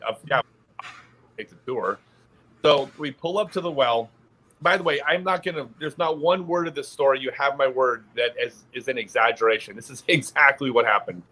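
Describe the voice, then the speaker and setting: A man, a podcast guest, telling an anecdote in casual chat and laughing in the middle of his sentences. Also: medium pitch. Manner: animated storyteller, laughs mid-sentence.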